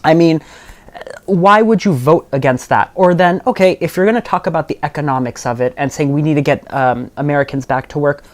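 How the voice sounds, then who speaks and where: A man's voice: on the high side, a little fast. A young man, a guest on a local podcast, speaking earnestly and passionately, with frequent "um" and "like". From Southern California. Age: young adult. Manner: earnest, passionate, many fillers. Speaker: guest, local party chair. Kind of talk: casual podcast interview.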